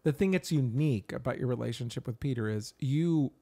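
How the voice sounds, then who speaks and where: A man's voice: medium pitch, fairly quick, creaky. A man co-hosting a casual chat podcast, telling stories animatedly and laughing often. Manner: animated storyteller, acts out quotes, laughs often. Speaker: podcast co-host.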